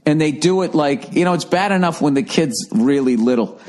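A man's voice: fairly high pitch, lively intonation, normal speed, darkish tone. A man in his forties with a Boston accent, hosting a solo podcast in a profane, rambling comedic rant. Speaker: podcast host.

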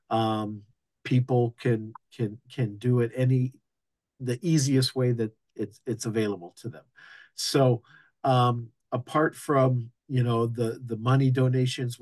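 A man, a union local president, giving town hall remarks haltingly, with many ums and restarts. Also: medium pitch, darkish tone.

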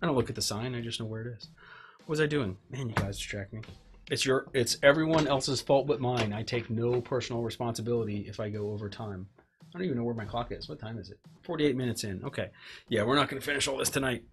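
This fast-talking livestream host has a mid-range voice and background noise around him as he works at his home workbench. His casual stream chat rambles along, full of self-mocking jokes and muttering to himself while tinkering.

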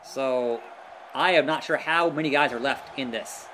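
A man giving live gameplay commentary, excitable, groaning and yelling at the action. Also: mid-range voice, unhurried, slight background noise. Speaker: let's play gamer.

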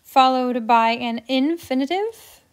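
A woman's voice: high voice, slow pace. Upbeat woman teaching grammar. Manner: upbeat, playful, talks while writing. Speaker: Spanish teacher. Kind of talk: lesson.

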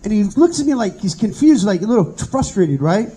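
A man's voice: sits high, sing-song, brisk, warm tone, husky, low-quality recording. A middle-aged man telling his own testimony in an earnest, conversational way as a Bible study teacher.

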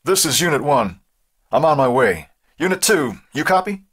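A brusque police chief, as a narrator voices him barks clipped orders and sharp questions. His voice is husky and dry, the delivery firm and impatient. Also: sits low, sing-song, a little fast, dry recording, pitched above the performer's own voice, full character voice. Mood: commanding.

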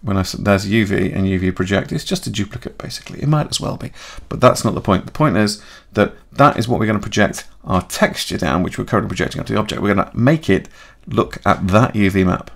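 A man talking through a software tutorial in a chatty way, thinking aloud and correcting himself as he goes. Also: fairly low pitch, quick pace, vocal fry, hardly any pauses. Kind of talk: screen-recorded software tutorial.

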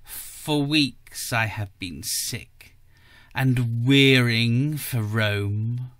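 A man's voice: medium pitch, drawn-out words, a bit bright, no room sound. A man reading the part of an aging, proud noblewoman who is wistful and bitter, in a plaintive, dramatic way.

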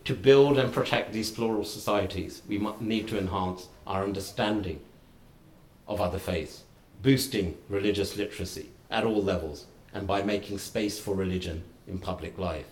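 A middle-aged man giving a formal lecture, speaking in measured, deliberate short phrases with wry humour. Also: low voice, a little mellow. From United Kingdom. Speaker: guest lecturer. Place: lecture hall. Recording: roomy lecture hall.

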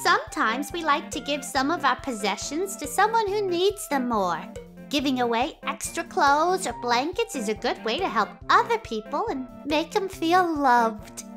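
A woman playing a sweet, gentle character in a children's educational show. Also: high-pitched, very animated, moderate pace, over music.

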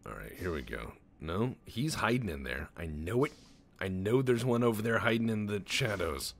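Deep-voiced, animated let's-play guy. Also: normal speed, creaky. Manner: rambling, profane, jokey, tosses in goofy voices. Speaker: gaming channel host.

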